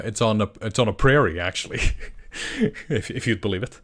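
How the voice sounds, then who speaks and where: A young man from Iceland, a game master chatting casually on a livestream, rambling and excitable with many restarts. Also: lowish voice, a little fast. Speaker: game master and channel creator. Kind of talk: casual livestream chat answering questions.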